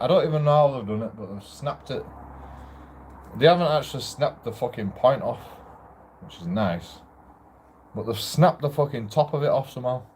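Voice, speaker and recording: A man's voice: mid-range voice, a little mellow, a little hiss or hum. A man ranting casually at home in a shared house, grumbling and swearing as he rambles with restarts. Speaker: vlogger.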